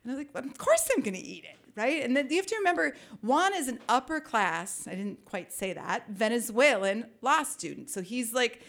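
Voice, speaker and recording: A woman from Minnesota telling a lively personal story, with wry asides and vivid detail. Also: a little high, normal speed, few pauses. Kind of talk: personal story told to an audience.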